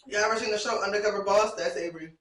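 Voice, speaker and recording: A woman's voice: medium pitch, rapid-fire, a bit bright. A woman co-hosting a casual podcast, playful and teasing, joking with the others. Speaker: podcast co-host. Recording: roomy room, mic at a distance, faint noise.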